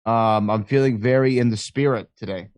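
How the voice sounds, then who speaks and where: A man's voice: lowish voice, moderate pace, a little mellow, no room sound. A man guesting on a live podcast by call, bantering playfully and teasing about sports rivalries. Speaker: podcast guest, author and wrestling announcer. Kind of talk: casual interview chat.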